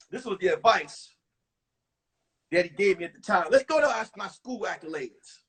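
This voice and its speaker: A comedian with a very high, breathy voice tells stand-up stories from home on a live stream. He is animated and acts out the people in his stories. He sits a little way back from the phone, so his voice sounds distant. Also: normal speed. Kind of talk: stand-up storytelling.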